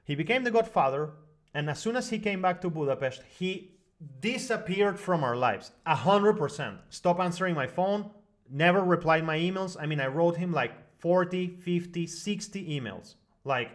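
A man telling a long personal story as a guest on an online broadcast, talking in animated bursts full of fillers and restarts. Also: on the high side, moderate pace. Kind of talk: long rambling personal story in casual discussion.

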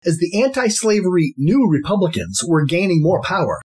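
Male podcast host, scripted monologue, husky, animated pitch, formal and emphatic. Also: fairly quick.

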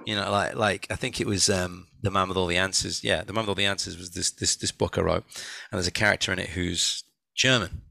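Gravelly, bright-voiced man chatting. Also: sits low, fairly quick, no room sound. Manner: animated, rambling, many restarts, laughs often. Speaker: author and audiobook narrator, guest. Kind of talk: casual conversation.

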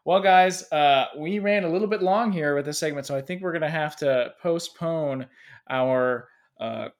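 A man's voice: a little high, moderate pace. A man hosting a casual podcast chat, teasing his co-hosts and steering the talk with a laugh. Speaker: podcast host.

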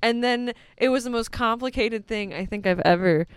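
A young woman guest telling excitable stories, laughing and swearing freely. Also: a little high, normal speed, clear, resonant tone, no echo, clean studio sound. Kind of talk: casual storytelling.

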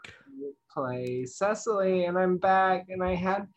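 A woman introducing herself as a tabletop player, slightly rushed, on a dull, muffled mic. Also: on the low side, animated, a little hiss or hum.

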